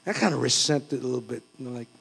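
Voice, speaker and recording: A man's voice: medium pitch, very fast, gravelly, fairly bright tone, breathy edge. A middle-aged man from the Philippines, preaching a sermon in a conversational, self-deprecating way with bursts of fervor. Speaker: pastor.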